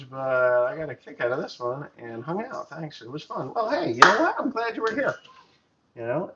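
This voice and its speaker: This is a chatty middle-aged American farmer livestreaming rambling stories full of jokes. He speaks in a mid-range voice with a slightly bright edge, captured on a dull, lo-fi recording with faint noise.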